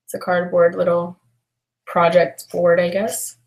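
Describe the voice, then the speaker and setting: A young woman chatting casually to her live-stream viewers, rambling and frank with many fillers and restarts, sounding low and frustrated. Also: monotone, measured pace, gravelly. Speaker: reseller vlogger answering live chat.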